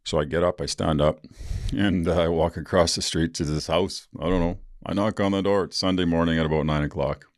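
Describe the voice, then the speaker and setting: A man's voice: sits low, steady tone, brisk, dry recording, clean studio sound. A man, a podcast host telling a personal story in a blunt, profane way with rueful laughs.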